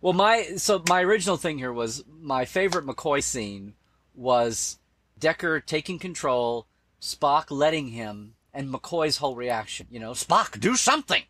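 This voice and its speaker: A man's voice: mid-range voice, animated, measured pace, fairly bright tone, no echo. A man being interviewed, talking casually and with enthusiasm, often quoting favorite lines and restarting his sentences. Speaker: guest, Star Trek expert.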